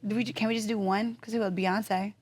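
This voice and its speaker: A woman's voice: medium pitch, steady tone, fast talker, a crowd in the background. A young woman co-hosting a podcast in casual, joking chat, often laughing and slipping into playful impressions. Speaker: podcast co-host.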